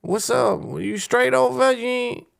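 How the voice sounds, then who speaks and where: A man doing a high, eager smooth-talker. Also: moderate pace, exaggerated voice. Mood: sweet-talking. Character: slick man sweet-talking an ex-girlfriend on the phone.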